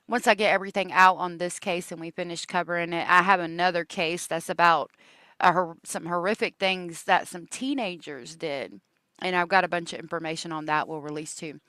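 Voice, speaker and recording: A woman's voice: on the low side, bright, forceful tone, clear, resonant tone, no room sound. A woman hosting a true crime live stream, rambling in casual chat with lots of ums and likes and gushing thanks to her viewers.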